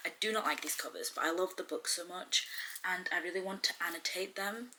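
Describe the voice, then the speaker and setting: Young woman, book vlogger, bright voice, slightly low pitch, casual chatty talk. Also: fairly quick, slight background noise, rough recording. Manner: chatty, reacts aloud while reading. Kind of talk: casual reading vlog.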